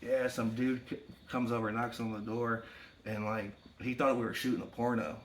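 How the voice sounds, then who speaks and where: A man's voice: medium pitch, fairly even intonation, moderate pace, slight background noise. A man hosting a podcast, telling stories in loose, profane, slangy casual chat.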